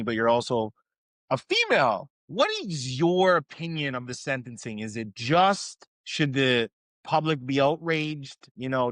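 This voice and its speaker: A man's voice: mid-range voice, a bit bright, no echo. A man hosting a podcast, asking questions and answering with short reactions. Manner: reactive interviewer, frequent short affirmations. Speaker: podcast host. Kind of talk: casual podcast interview.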